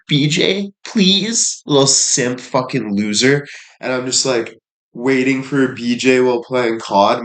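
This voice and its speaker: A man's voice: fairly low pitch, roomy sound. A young man livestreaming, chatting casually in a rambling, profane, laid-back way.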